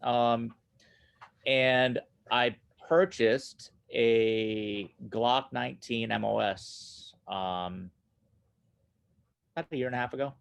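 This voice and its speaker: Gravelly-voiced drummer in casual talk. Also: male voice, mid-range voice, slow. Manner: laughs often, animated, repeats himself. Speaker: guest, studio owner and drummer. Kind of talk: casual conversation.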